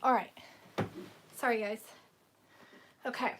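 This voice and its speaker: A woman's voice: on the high side, fairly even intonation, takes it slowly, a bit bright, a little hiss or hum. A woman doing a casual tarot-reading livestream from home, chatty and giggly, talking to her viewers in front of a camera on a tripod. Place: room at home.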